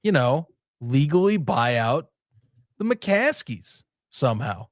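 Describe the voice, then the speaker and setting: A man's voice: mid-range voice, sing-song, slow pace, dry recording. A man in casual sports podcast talk, rambling and self-interrupting, laughing often.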